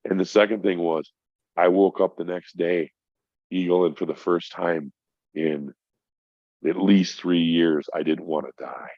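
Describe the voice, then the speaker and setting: A man's voice: sits low, little pitch movement, unhurried, long pauses, no echo. A middle-aged man, a podcast guest, telling a personal story in casual chat, swearing often and calling the host bro. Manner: profane, emphatic, addresses host as bro. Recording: dry, dull lo-fi sound.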